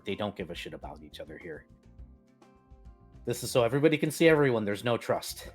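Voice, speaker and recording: A man narrating as game master of a tabletop game in a relaxed manner, laughing often. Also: mid-range voice, fairly quick, faint music behind.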